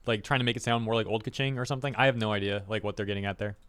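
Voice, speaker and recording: A man's voice: on the low side, fairly even intonation, racing, fairly bright tone, smooth. A man giving casual reaction commentary as a streamer, rambling and exasperated, with lots of "like" fillers.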